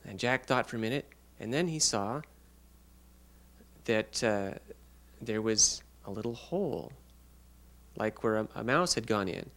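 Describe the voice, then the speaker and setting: A man interpreting a child's signed story aloud, narrating a fairy tale in an unhurried, halting way with pauses. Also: fairly low pitch, animated, fairly bright tone. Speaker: sign language interpreter voicing a child.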